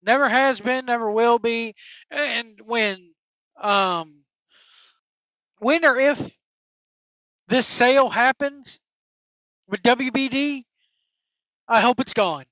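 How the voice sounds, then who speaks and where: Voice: mid-range voice, slow, pauses often, pushed and bright, no room sound. A wrestling podcast host on an angry, profane opinion rant, blunt and heated. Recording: dull lo-fi dry recording.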